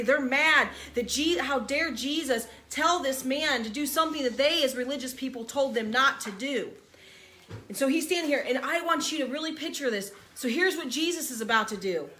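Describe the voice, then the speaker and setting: A woman's voice: high voice, sharp tone. A woman teaching a verse-by-verse Bible study in an emphatic, conversational preaching manner, asking her listeners to picture the scene.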